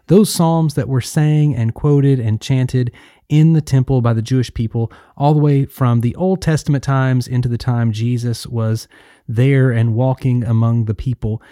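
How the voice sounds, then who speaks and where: Male pastor, very dark warm tone, dry close recording, earnest devotional podcast host. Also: mid-range voice, steady tone, normal speed, dry recording.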